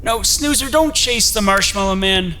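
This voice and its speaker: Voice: medium pitch, moderate pace, slight background noise, close to an everyday voice. A performer voicing a patient inventor character in a children's show, steering the story and announcing plans upbeat. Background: loud background music.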